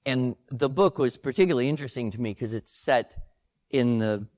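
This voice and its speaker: Older man, co-host, relaxed conversational delivery, dry sound. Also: medium pitch, brisk, dry recording. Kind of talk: casual conversation before a live audience.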